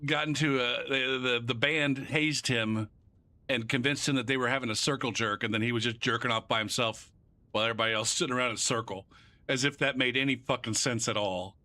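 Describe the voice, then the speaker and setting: A man's voice: medium pitch, bright, forceful tone. A male game streamer in casual live-stream chat, rambling and profane, joking and narrating his own clicks as he goes.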